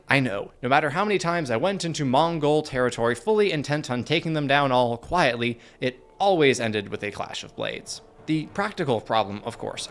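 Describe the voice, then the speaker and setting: A man narrating a scripted video essay in an earnest, measured way, with dry asides. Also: medium pitch.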